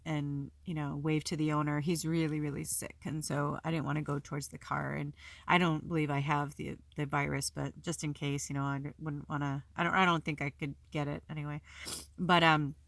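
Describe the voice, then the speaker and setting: A spiritual video host from the Pacific Northwest of the United States shares casual, emotional vlog talk about her home life, rambling with lots of fillers and some swearing. Her low voice is a little fast and slightly bright, with vocal fry and a level tone, captured in a dry recording.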